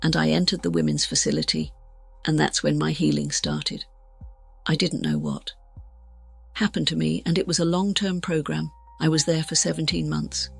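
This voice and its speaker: Frank and self-deprecating, a female guest recounts surviving near death in an interview, urgently voicing her younger self. She speaks at a moderate pace in a low, animated voice with vocal fry and breathiness, on a dry recording with faint background music.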